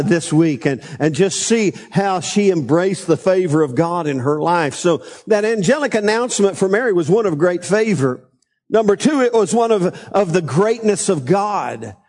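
A man's voice: a little high, a little mellow. A man preaching a conversational Sunday sermon as pastor, prompting the congregation to repeat phrases back. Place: church sanctuary. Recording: long church reverb.

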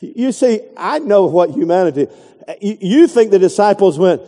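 A man's voice: high voice, expressive, normal speed, warm tone, big-room sound. A middle-aged man preaching a folksy, digressive sermon, acting out quotes along the way. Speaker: pastor.

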